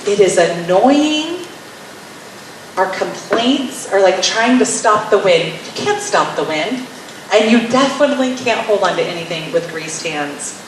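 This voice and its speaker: A woman's voice: mid-range voice, animated, a little slow. A woman teaching wives about marriage, wry and playfully sarcastic, often acting out little scenes. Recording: very echoey room, mic far off, faint hiss.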